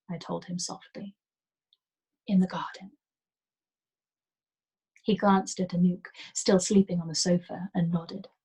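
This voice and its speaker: A woman reading a novel aloud as a storyteller, in a soft and gentle manner that sometimes drops to a whisper. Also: on the low side, husky, low-quality recording.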